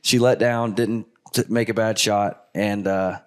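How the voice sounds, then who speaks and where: A man hosting a hunting show, retelling a hunt in a casual, animated way with lots of filler words. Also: lowish voice, unhurried, smooth. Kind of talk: casual storytelling with guests.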